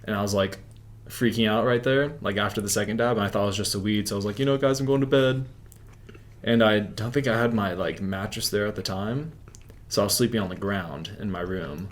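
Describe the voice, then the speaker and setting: A man's voice: lowish voice, fairly even intonation, fast. A young man telling a story as an interview guest, rambling, with filler "like" in nearly every sentence. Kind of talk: casual storytelling.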